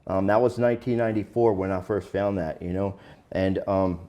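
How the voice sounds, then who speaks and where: A man's voice: low-pitched, steady tone, a little fast, mellow. A man speaking as an interview guest, candid and plain-spoken, telling his own story in a casual, conversational way with some slang.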